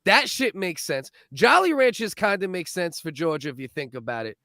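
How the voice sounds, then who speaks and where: A man's voice: high voice, big pitch swings, moderate pace, no room sound, studio quality. A man co-hosting a comedy livestream, riffing crudely on candy with lots of laughter. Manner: loud, laughing, profane riffing. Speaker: comedy podcast co-host.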